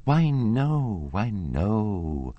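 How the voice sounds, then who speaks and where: Kindly old lady, chatty, easily laughing; voiced by a male audiobook reader, lively in pitch. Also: very slow, highs cut off, heavily acted. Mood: matter-of-fact. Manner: chatty, laughing, then indignant. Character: kindly white-haired old lady, happy and candid.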